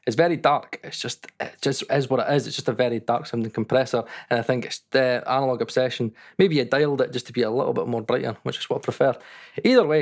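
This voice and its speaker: A man hosting a mixing video, talking casually and candidly, with frequent ums and some swearing. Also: medium pitch. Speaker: audio mixing youtuber. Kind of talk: casual talk to camera.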